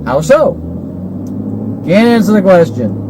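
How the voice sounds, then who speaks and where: Recorded in a moving car with lots of noise, this man in his forties speaks slowly in a high-pitched, very animated voice. As a vlogger, he delivers an agitated, repetitive rant packed with rhetorical questions.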